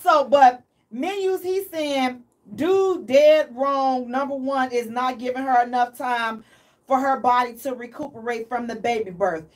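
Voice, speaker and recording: A woman hosting a radio advice chat in an animated, emphatic, preachy way. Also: high-pitched, normal speed, distant mic. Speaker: radio show host.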